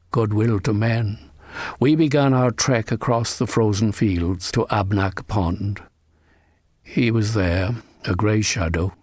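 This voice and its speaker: A man narrating a suspenseful first-person story in a measured, dramatic way, breaking into sharp cries at tense moments. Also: on the low side, dry recording. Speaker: audiobook narrator.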